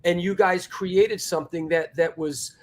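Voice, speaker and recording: A middle-aged man hosting an interview, speaking haltingly and repeating words as he looks for his phrasing. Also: sits high, fairly even intonation. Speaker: host.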